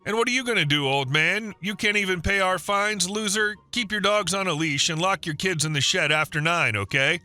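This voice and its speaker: A man's voice: high-pitched, brisk, few pauses, sharp tone, faint music behind. A man reading the lines of an arrogant, dismissive young rich man in a storybook narration.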